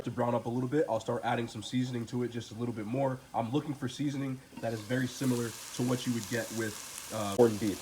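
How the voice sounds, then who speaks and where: A man's voice: mid-range voice, dark tone, slight background noise, poor audio. A man with a nasal voice who is feeling sick, chatting casually as he cooks in his home kitchen for his cooking channel. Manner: laid-back, chatty, talks while cooking. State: sick, under the weather.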